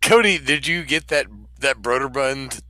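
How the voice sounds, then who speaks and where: Casting: excitable male co-host, lively bright voice, stammering, dry sound. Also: medium pitch, a little slow, dry recording. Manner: excitable, laughs a lot, stammers. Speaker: podcast co-host. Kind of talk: casual chat.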